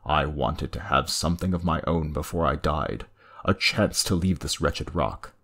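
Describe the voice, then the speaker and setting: A man playing a nervous old servant full of bitterness, in an audiobook-style story. The voice is husky and gravelly, with a resentful edge. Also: extremely low pitch, moderate pace, fairly bright tone, heavily acted. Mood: bitter.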